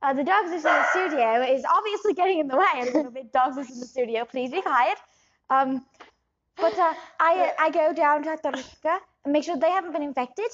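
A woman's voice: high voice, fairly bright tone, muffled recording. A woman improvising a shady scam doctor who rambles, hesitates and drifts between put-on accents. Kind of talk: improv comedy scene.

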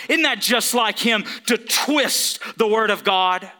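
A man's voice: high voice, slow, pushed and bright. A man preaching a sermon, emphatic, calling out to the congregation for responses. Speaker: pastor.

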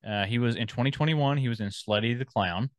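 A man's voice: medium pitch, brisk, no echo. Guy cohosting a podcast, rambly, reading stuff off his screen, dry close sound. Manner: rambling, reads listings aloud while scrolling. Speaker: podcast co-host. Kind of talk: casual chat.

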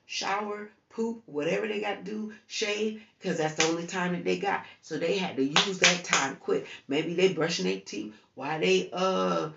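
A woman from the United States gives an informal devotional talk in a conversational, repeating, urging style. She is hiccuping and yawning as she speaks, with some gravel in her voice. She sounds set back from the mic in a roomy space with a dull, muffled tone. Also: fairly low pitch, moderate pace, few pauses, far from the mic, background noise. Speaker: preacher.

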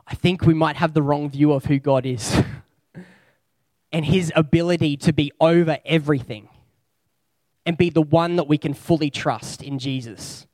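A man preaching a sermon in a relaxed, conversational way, building slow spoken lists. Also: a little high, no room sound.

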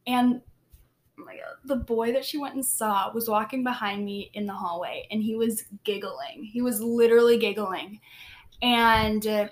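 A teenage girl telling a long story to friends in a relaxed podcast chat. Her voice sits a bit high, and she leans hard on "like" while acting out what everyone said. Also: normal speed. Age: teens. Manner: chatty, heavy use of "like", acts out quoted lines.

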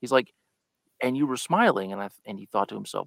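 A man's voice: medium pitch, expressive, a little fast, vocal fry, fairly bright tone, dry recording. A man chatting as a guest on a live podcast, telling a story and acting out the lines he quotes. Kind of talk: casual live podcast chat.

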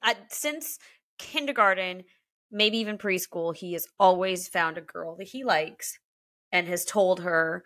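A woman's voice: fairly low pitch, a little slow, fairly bright tone. A woman in her thirties, a podcast co-host, chatting candidly and emotionally and swearing freely. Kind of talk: casual chat.

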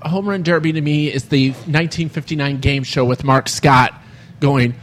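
A man's voice: a little high, steady tone, moderate pace, a little hiss or hum. Opinionated man reminiscing on a sports podcast. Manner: nostalgic and opinionated, leisurely storyteller. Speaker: fill-in co-host. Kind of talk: casual sports chat.

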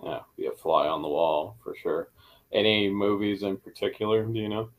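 A man's voice: fairly low pitch, moderate pace. A man co-hosting a casual podcast, giving short agreeing replies and dry asides. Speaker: podcast co-host.

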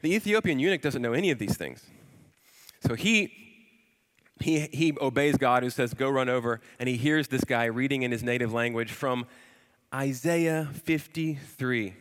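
A man in his forties preaching a sermon with animated storytelling and emphatic repetition. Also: medium pitch, moderate pace, in a large hall.

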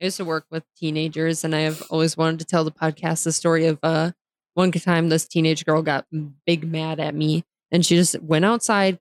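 A woman's voice: low voice, a little mellow, dry recording, studio quality. A young woman co-hosting a podcast, talking bluntly and laughing often in a casual chat. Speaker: podcast co-host.

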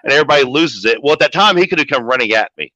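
A man who manages pro wrestlers, telling a story as a podcast guest in a profane, animated way. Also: medium pitch, racing, dry recording. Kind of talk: casual storytelling. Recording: dull lo-fi audio.

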